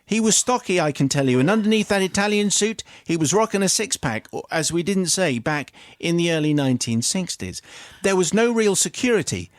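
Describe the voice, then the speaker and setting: British man, radio host, amused storyteller, slightly high voice, dry studio sound. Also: animated, fairly quick, few pauses, no room sound. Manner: amused, theatrical storytelling with laughs. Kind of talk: reading a listener's confession on radio. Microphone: studio microphone.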